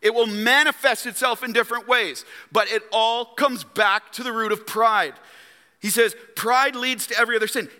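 A man with a very high, bright, forceful voice preaches as pastor in a church sanctuary, keeping a steady tone at normal speed. He is emphatic and calls on the congregation to respond, his words carried by long hall reverb.

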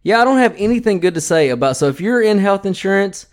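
A man's voice: high voice, lively intonation, fast talker. A man hosting a podcast in a casual, blunt style with plenty of swearing. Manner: profane, blunt, ranting. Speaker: podcast host.

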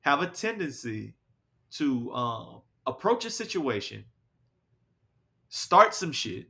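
A man's voice: mid-range voice, big pitch swings, takes it slowly, gravelly, pushed and bright. A man hosting a casual podcast chat, rambling with many fillers and restarts. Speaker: podcast host.

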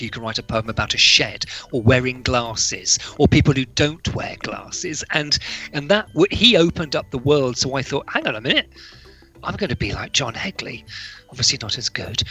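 Bright, husky-voiced chatty man. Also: medium pitch. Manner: enthusiastic, chatty storyteller. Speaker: guest author. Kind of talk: casual radio chat and poetry reading.

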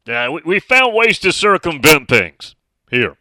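A male talk radio host with a slightly higher voice that rises and falls a lot as he chats. He talks at an easy, unhurried pace into a studio mic, reading listener messages in a sharp, bright tone. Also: big pitch swings, no room sound, rough recording. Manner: chatty, reads out listener messages. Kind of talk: casual sports talk radio.

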